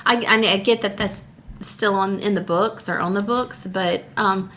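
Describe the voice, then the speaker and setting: A female podcast co-host chats with her husband, teasing him and laughing easily. Her voice is bright and forward at a middle pitch. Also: a little slow. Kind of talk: casual chat.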